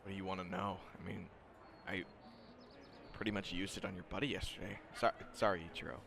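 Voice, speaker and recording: A man voicing a guarded teenage male student with a mind-control power, speaking quietly and hesitantly. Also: deep voice, level tone, fast talker, creaky, background noise. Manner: hesitant, quiet and slightly awkward.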